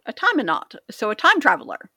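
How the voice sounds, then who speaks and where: A woman's voice: a little high, wildly swooping pitch, brisk, vocal fry, sharp tone, no echo. A woman co-hosting a podcast in casual chat, rambling and jokey, often stumbling over words. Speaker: podcast co-host.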